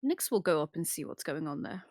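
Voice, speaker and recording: A woman player in a tabletop game, playful and quick to laugh. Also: low-pitched, sing-song, darkish tone. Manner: giggly, playful.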